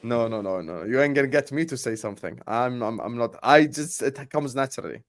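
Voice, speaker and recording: A man's voice: medium pitch, brisk. A man on a football podcast panel, teasing and arguing with the others in casual banter. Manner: teasing, argumentative.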